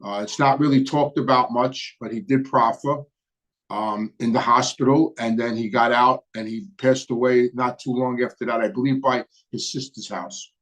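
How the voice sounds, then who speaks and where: Man, Brooklyn accent, middle-aged, live-stream host, relaxed, rambling, hesitant fillers. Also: medium pitch, normal speed. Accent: Brooklyn New York. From New York. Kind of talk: casual live-stream chat answering viewer questions.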